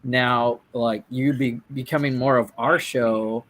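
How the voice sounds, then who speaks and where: A man from Minnesota chats loosely as co-host of a hobby talk show. His pitch sits in an ordinary middle range. He rambles, trails off and restarts his sentences often. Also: fairly even intonation, slow pace, fairly bright tone. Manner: rambling, full of fillers and restarts. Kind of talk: casual chat.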